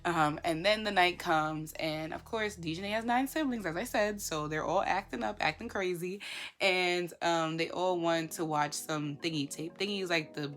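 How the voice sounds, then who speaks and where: A woman giving casual commentary, talking in an animated way with lots of rhetorical questions and fillers. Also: lowish voice, moderate pace.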